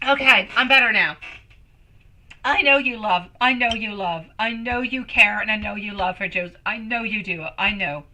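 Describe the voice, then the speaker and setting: Bright-voiced woman reading tarot live. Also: medium pitch, moderate pace, slight background noise, low-quality recording. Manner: affectionate, calls viewers sweetie and my love; emotive, swings between excited and soft. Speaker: tarot reader.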